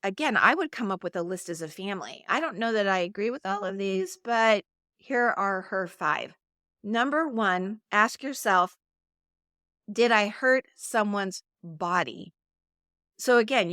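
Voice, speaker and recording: A woman's voice: medium pitch, expressive, a little slow, a bit bright, smooth, no room sound. Earnest coaching podcast woman, dry sound. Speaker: podcast host. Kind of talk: solo podcast talk.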